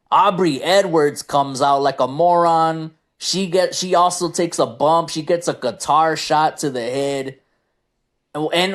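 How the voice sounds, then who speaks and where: A man reviewing a wrestling event on his own channel, ranting in a frustrated, casual way and often repeating himself. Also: on the high side.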